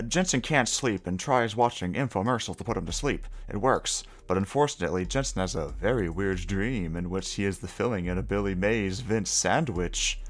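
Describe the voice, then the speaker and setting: A man hosting a comedy show, reading listener requests aloud in a dry voice that jumps into loud bursts. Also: lowish voice.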